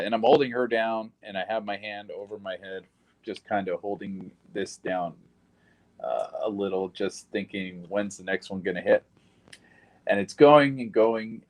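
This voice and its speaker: A man's voice: low voice, rough recording. A man giving a recorded witness interview about surviving a shooting, telling it in a blunt, plain-spoken way with some swearing.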